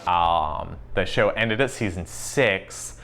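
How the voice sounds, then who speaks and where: A man giving a casual interview as a show fan, swearing freely, laughing often and filling pauses with ums. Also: low voice, a bit bright, a little hiss or hum. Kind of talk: casual chat.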